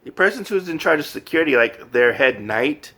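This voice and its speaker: A man chats through a manga review with a lively, bouncing delivery and a bright, forceful tone. He rambles with plenty of fillers and laughs along the way. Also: a little high, a little fast. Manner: animated, filler-heavy, laughing often. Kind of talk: casual review chat.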